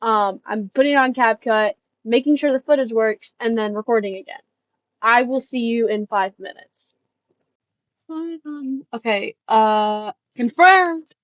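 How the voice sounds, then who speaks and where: A woman's voice: fairly high pitch, unhurried, no room sound, poor audio. A woman from the northern United States, streaming casual reaction commentary, rambling and self-deprecating with lots of fillers and trailing asides.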